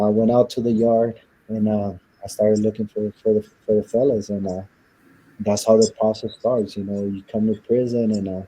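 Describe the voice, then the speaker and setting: A man from Southern California, an interview guest, tells his story candidly and bluntly with rough language, acting out what guards said to him. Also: on the low side, mellow, poor audio. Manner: blunt and profane, acts out the guards' lines.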